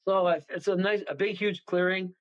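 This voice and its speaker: A man telling a story as a guest medium on a radio talk show, animated and rambling, acting out the voices of the people in it. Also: high-pitched, normal speed, highs cut off. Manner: animated, rambling, acts out voices, chuckles often.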